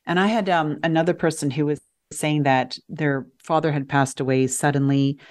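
Low-voiced woman, animated radio guest. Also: normal speed. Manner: animated, emphatic, self-correcting. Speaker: guest, resilience coach and sophrologist. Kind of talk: conversational interview. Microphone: radio show microphone.

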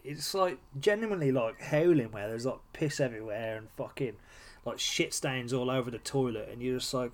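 A man's voice: medium pitch, moderate pace. Blunt swearing man. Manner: blunt, heavy swearing, storytelling. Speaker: podcast co-host. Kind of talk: crude casual banter.

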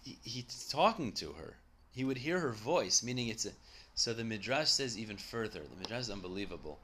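A man's voice: lowish voice, sing-song, a little fast, pushed and bright, slight background noise. A man teaching a Talmud study lesson, who reads each line aloud and then explains it in English.

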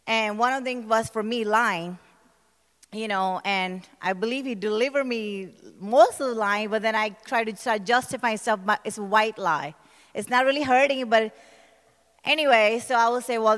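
A woman minister giving an emotional church testimony, speaking in a hall and building to passionate shouting. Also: medium pitch. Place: church service.

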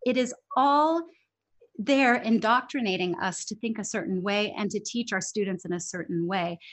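A woman speaking as an interview guest, talking in an animated, emphatic way with frequent restarts. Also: medium pitch, normal speed. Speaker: interview guest, English teacher trainer. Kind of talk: conversational interview.

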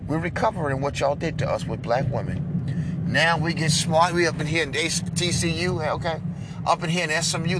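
Inside a car, a man delivers an impassioned, preachy monologue that swings between loud outbursts and low, hushed lines. The recording is very noisy.

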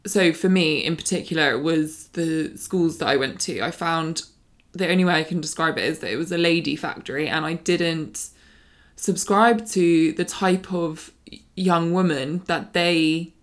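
A woman's voice: low-pitched, a little slow. Frank young woman podcast host. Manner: frank, emphatic, reflective. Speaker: podcast host interviewing her mother. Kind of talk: casual conversation.

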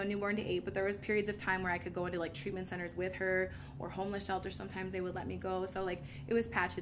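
A woman speaks to an audience in a casual, candid testimony, her pitch sitting in an ordinary middle range. She tells the story in an animated way, with frequent laughs and easy fillers. A faint hum of ambient noise sits beneath her voice. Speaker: speaker sharing a recovery story.

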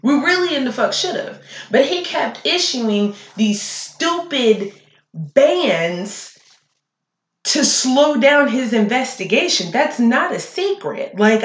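A woman hosting a solo podcast, ranting bluntly and with plenty of swearing. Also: on the high side. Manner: blunt and profane, talking fast and heated. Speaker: podcast host. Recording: echoey room.

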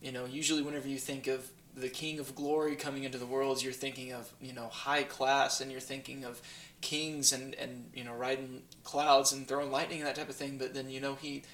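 A man hosting a faith talk, responding in a steady, reflective way. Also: mid-range voice, fairly quick. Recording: roomy with faint background noise.

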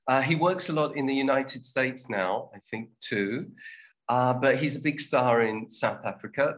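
Man teaching an English lesson. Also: mid-range voice. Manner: relaxed, explanatory, with many fillers. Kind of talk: online language lesson.

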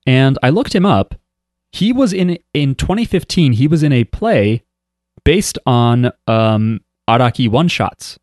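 A man chats loosely on a podcast, wandering through his thoughts with plenty of fillers. His voice sits at an ordinary middle pitch. The recording is dry and close. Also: lively intonation, measured pace, darkish tone, dry recording. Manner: rambling and chatty, with many "um" and "like" fillers. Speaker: podcast co-host. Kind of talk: casual chat.

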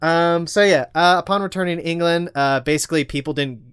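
A man's voice: a little high, a little fast, fairly bright tone, clear, resonant tone, no echo, clean studio sound. A man co-hosting a podcast, recounting history in a rambling casual chat full of fillers and swearing. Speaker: podcast co-host.

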